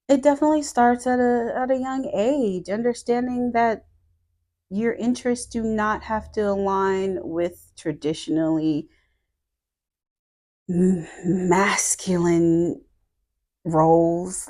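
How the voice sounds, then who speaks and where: A woman's voice: mid-range voice, darkish tone. A woman hosting a podcast in casual chat, thoughtful and searching for her words as she talks. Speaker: podcast host.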